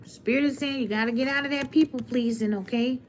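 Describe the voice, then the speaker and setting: Blunt high-voiced tarot reader. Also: female voice, fairly even intonation, brisk, slight background noise. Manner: blunt, preachy, greets chat viewers. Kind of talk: live-stream tarot reading. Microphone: webcam or phone on a live stream.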